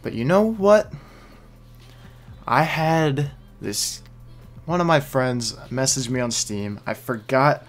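A man's voice: mid-range voice, expressive, slow, soft background music. A man hosting a gaming video, chatting to himself and his viewers while he plays. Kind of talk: gameplay commentary.

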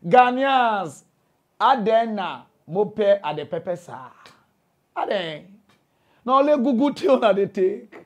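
A man with a Nigerian Pidgin English accent, giving animated comic commentary and laughing between his lines. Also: high voice, unhurried. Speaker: comedian.

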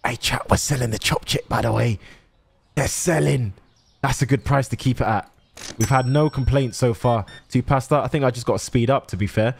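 A man's voice: medium pitch, a little fast, gravelly, breathy edge. A young man chatting to his chat while he plays a shop game, swearing often. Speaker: streamer playing a shop simulator. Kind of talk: casual gameplay commentary to chat.

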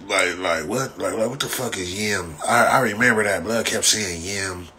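Casting a deep, punchy LA guy: profane, mocking livestreamer who rambles through stories. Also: normal speed, pushed and bright, a little hiss or hum. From Los Angeles. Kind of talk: casual live-stream chat.

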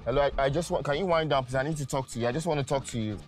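A man playing a boss in a comedy skit, calmly trying to settle a dispute. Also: mid-range voice, rapid-fire, soft background music. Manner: calm, reasoning, trying to settle things.

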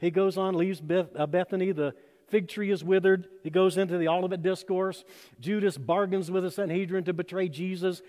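Pastor preaching in a reverberant sanctuary. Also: male voice, high-pitched, fairly even intonation, a little fast. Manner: storytelling, acts out quoted voices with sudden loud and soft turns. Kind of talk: sermon. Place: church sanctuary. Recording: long hall reverb.

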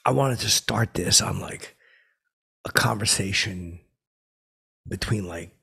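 A man telling a long comedic story in a halting, boastful way, full of filler words and restarts. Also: on the low side, gravelly, sharp tone, husky. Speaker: comedy character host. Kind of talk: rambling deadpan storytelling.

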